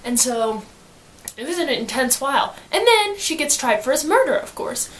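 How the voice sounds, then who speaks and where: A woman giving a casual book summary in slangy, animated storytelling, acting out quotes as she goes. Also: sits high, normal speed, slight background noise. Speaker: student reviewer.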